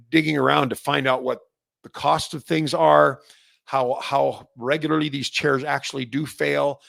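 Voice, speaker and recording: A man from Canada with a Canadian accent, hosting a casual solo industry update, rambling with restarts and growing animated when fired up. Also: medium pitch, creaky, no room sound, studio quality. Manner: rambling, many restarts and fillers. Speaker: host.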